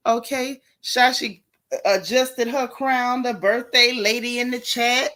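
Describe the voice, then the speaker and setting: Woman running a gossip livestream, chatty, kinda high voice, greets folks one by one. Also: steady tone, sharp tone. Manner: chatty, greets viewers by name, drawn-out repeated phrases. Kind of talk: casual live-stream chat.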